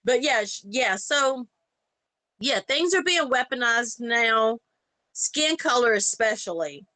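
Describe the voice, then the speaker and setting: A woman in casual chat on a podcast, telling animated stories and acting out the people in them. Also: fairly high pitch, slow, no room sound, rough recording. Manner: animated, acts out quoted voices in anecdotes. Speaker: podcast co-host.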